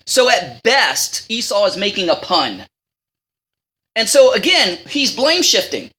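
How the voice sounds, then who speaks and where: A woman teaches a Bible lesson in a casual, talky manner. Her pitch swings up and down freely. Her tone is bright and forceful. She reads out scripture and acts out the lines. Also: very animated, unhurried.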